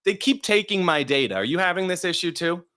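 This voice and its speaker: A male co-host with a bright voice that swings widely in pitch. He presses his points on the market with emphasis. The talk is fast-moving and casual. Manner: emphatic, lively. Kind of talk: casual chat.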